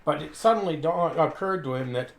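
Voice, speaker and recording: A man playing a tabletop game, describing his character and thinking aloud as he goes. His voice sits a little high. The room around him echoes. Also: a little fast, vocal fry. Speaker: player. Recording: roomy echo.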